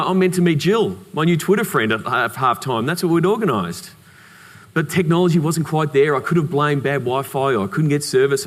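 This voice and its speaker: A man's voice: fairly high pitch, a little fast. Australian man giving a keynote in a hall. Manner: lively anecdotal delivery with humorous asides. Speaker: keynote speaker. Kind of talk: conference keynote storytelling. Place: conference hall. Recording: reverberant conference hall.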